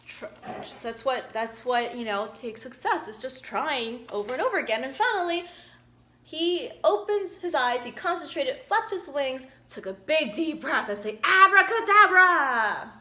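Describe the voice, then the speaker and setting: A woman's voice: high voice, expressive, moderate pace. A woman, a doctor and mother, reading a picture book aloud and chatting about it in an encouraging manner. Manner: chatty, warm, encouraging, many fillers. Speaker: physician reading to children.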